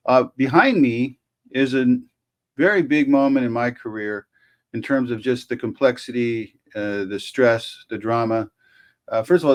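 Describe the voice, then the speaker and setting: A chatty, self-amused man who hosts his own channel as a lawyer, in relaxed commentary. His voice sits at a mid pitch. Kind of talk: casual video commentary.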